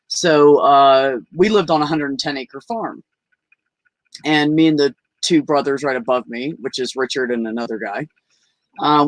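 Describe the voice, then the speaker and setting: A man recounts his own life in a loose, frank, rambling way, leaning on "you know" and "like" as he goes. His voice sits at a middle pitch, and the sound is dry and close, as on a video call. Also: a bit bright, no room sound. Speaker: podcast guest. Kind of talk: candid personal storytelling.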